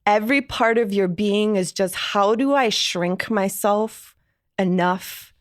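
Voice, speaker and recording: A woman's voice: medium pitch, takes it slowly, no echo, clean studio sound. A woman from Iran, a podcast guest telling her personal story candidly, reflective and full of "like" fillers.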